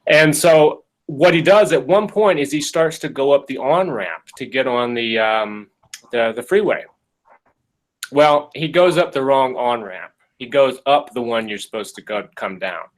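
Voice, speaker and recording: A podcast host telling a story casually, with jokes along the way. He speaks at a mid pitch and acts out the lines he quotes. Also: a little slow, low-quality recording. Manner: jokey, animated, acts out quotes.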